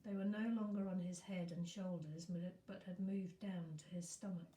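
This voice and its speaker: A woman teacher reading a novel aloud in a steady storytelling manner. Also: lowish voice, moderate pace, slight background noise. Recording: echoey room.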